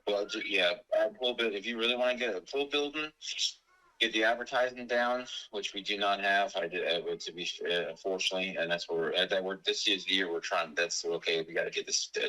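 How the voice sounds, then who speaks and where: A man's voice: low voice, pushed and bright, low-quality recording. A man in his forties who owns a business, talking in a rambling way with lots of fillers and restarts. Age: 40s. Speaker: business owner selling his company. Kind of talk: casual business call.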